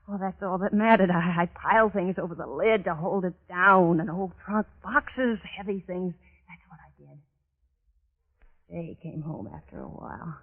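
An actress playing a haunted, unhinged woman who confesses a murder, feverish and repeating herself in 1940s radio acting style. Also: fairly low pitch. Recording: tinny old radio broadcast.

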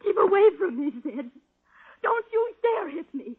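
A woman's voice: very high voice, very animated, a little slow, heavily acted. A woman playing a flighty, gold-digging young nightclub woman in 1940s radio acting, coy and wheedling. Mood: terrified. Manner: coy and wheedling, turning to stammering terror. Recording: tinny old radio broadcast.

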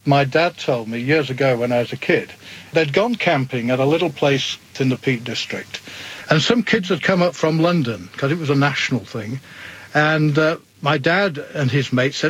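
Interviewee: husky-voiced man, slightly high, chatty rambling anecdote. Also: moderate pace, rough recording. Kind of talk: casual storytelling.

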